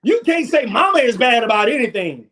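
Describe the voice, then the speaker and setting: Man, very high voice, preaching cadence, shouts at peaks. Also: sing-song, fairly quick, crowd noise. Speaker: talk show panelist. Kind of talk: impassioned talk show discussion.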